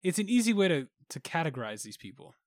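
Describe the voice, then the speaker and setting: A man's voice: a little high, big pitch swings, fast, no room sound. Storytelling podcast man, dry close sound. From Caribbean. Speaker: podcast co-host.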